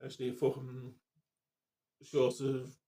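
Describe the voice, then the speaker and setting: A man's voice: medium pitch, completely flat delivery, takes it slowly, warm tone. A man in his fifties, rambling casually, swearing and restarting his sentences. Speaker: vlogger.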